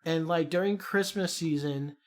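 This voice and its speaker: A man's voice: on the high side, normal speed. Profane, rambling man with a Chicago accent. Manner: rambling, profane, animated storyteller. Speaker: podcast co-host. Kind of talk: casual storytelling chat.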